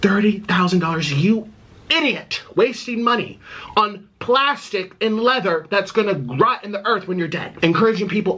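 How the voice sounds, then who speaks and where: A man's voice: high-pitched, lively intonation, moderate pace, pushed and bright, poor audio. A man ranting in a casual vlog at home, indignant and exasperated, with a sarcastic edge. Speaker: vlogger. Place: at home in his apartment.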